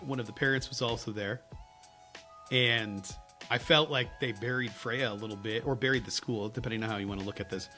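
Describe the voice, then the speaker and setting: A man co-hosting a podcast, telling stories in casual chat with lots of laughs and lively swings. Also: lowish voice. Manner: animated, laughing storyteller. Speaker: podcast co-host.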